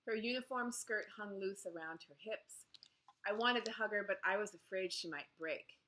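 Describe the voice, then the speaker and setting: Female audiobook narrator; bright, clear, steady first-person storytelling. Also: medium pitch, normal speed.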